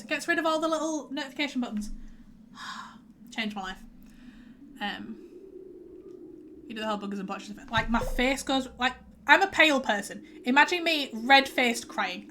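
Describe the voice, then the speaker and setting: Young woman, streamer, quick rambling chat, bright voice, faint background hiss. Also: sits high. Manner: rambling, chatty, many um fillers, reads out chat messages. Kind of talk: casual chat while streaming a game. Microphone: headset.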